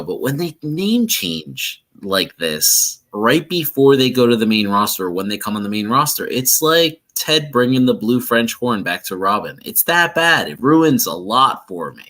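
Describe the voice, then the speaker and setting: A man co-hosting a podcast, talking casually about wrestling with quick asides and the odd curse. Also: fairly low pitch. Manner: animated, swearing, jumps in with quick asides. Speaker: podcast co-host.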